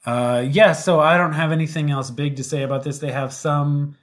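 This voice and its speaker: A podcast co-host in a casual chat, wry and relaxed, often quoting others with plenty of fillers. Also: medium pitch, moderate pace. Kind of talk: casual chat recapping a reality show.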